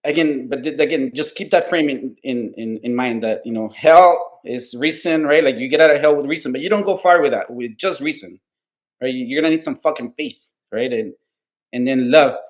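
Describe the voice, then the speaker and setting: A man's voice: medium pitch, moderate pace. A man co-hosting a casual political podcast, talking earnestly and at length, swearing freely and tagging nearly every point with "right?". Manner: earnest, rambling, heavy swearing, constant "right?" tags; heartfelt, openly emotional about his values. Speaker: podcast co-host.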